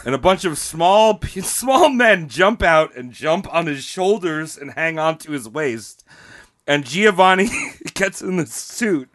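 Jokey man telling a story, higher pitch. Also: lively intonation, takes it slowly, a bit bright, no room sound, clean studio sound. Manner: jokey, laughs through his story. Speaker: podcast storyteller. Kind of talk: comedic history retelling.

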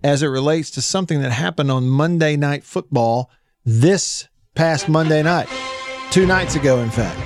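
A man's voice: fairly high pitch, moderate pace, over music. Folksy Southern man hosting radio. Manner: folksy, animated storyteller. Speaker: radio show host. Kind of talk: casual radio talk show chat.

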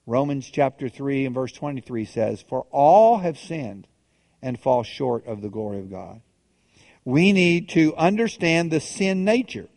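Pastor preaching in a hall. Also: male voice, medium pitch, very animated, measured pace, darkish tone, studio quality. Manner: conversational preaching with restarts and rhetorical questions. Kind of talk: sermon.

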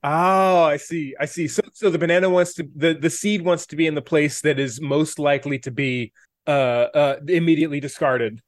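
A man's voice: on the high side, steady tone, dry recording, clean studio sound. Giggly man rambling in casual chat. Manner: rambling, halting, laughs often while telling stories. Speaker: podcast co-host.

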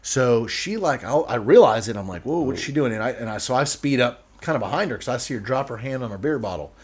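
A man of ordinary, middle pitch tells a rowdy tale over casual podcast chat, profane and rambling. He slips into quick voices for the people in his story, then drops back to his easy talking voice. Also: lively intonation, husky. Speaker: podcast host and barber.

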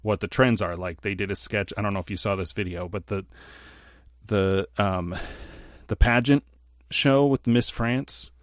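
A man with a fairly low voice, chatting casually on a podcast. He rambles and fills pauses with ums and you-knows, and gets animated when retelling something funny. The sound is close and dry. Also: dry recording. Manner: rambling, animated storyteller with many fillers. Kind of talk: casual chat.

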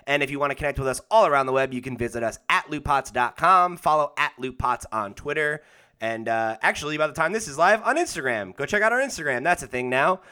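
A man hosting a casual gaming podcast, jokey and energetic, with lots of uh and um fillers. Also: fairly high pitch, fast, clean tone. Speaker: podcast host. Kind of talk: casual podcast chat and plugs.

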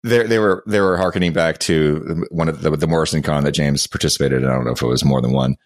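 A man's voice: rumbling low, fast talker, no echo, studio quality. A man co-hosting a podcast, rambling casually about comics and laughing often. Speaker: podcast co-host.

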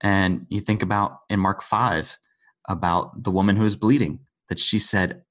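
A man's voice: low voice, steady tone, normal speed, fairly bright tone. A man in an earnest conversational Bible discussion, retelling scripture stories and acting out the quotes.

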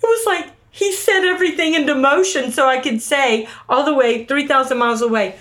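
A middle-aged woman from North Carolina with a Southern accent, casually telling a ghost story in animated fashion, acting out the dialogue. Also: high-pitched, fairly quick. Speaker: guest storyteller.

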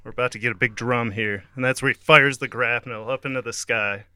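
A comedic narrator speaks a little fast in a mid-range, steady, pushed and bright voice. Over a playing song, he narrates an imagined scene in a playful, giggly play-by-play, often dissolving into laughter.

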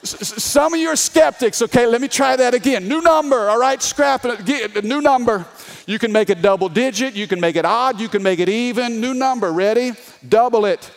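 A man preaching a sermon as a pastor, animated and humorous, reading scripture aloud and calling on the congregation to answer. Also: very high-pitched, fairly quick. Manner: reads scripture aloud with voiced characters.

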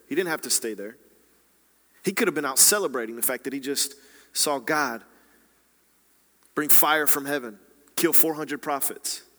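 A man preaching a sermon as a pastor, swinging between hushed, quiet passages and loud, rising exhortation. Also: a little high, in a large hall.

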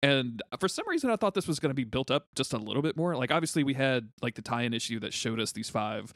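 A man co-hosting a comic book podcast in a mid-pitched voice, talking in an animated, profane way. The sound is dry and close, with no room around him. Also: no echo. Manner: animated, swearing, quick to laugh. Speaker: podcast co-host. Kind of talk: casual comic book discussion.

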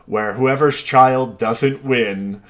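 A man's voice: mid-range voice, slow. A man co-hosting a podcast, talking about a movie in a joking, playful way. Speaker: podcast co-host. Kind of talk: casual chat.

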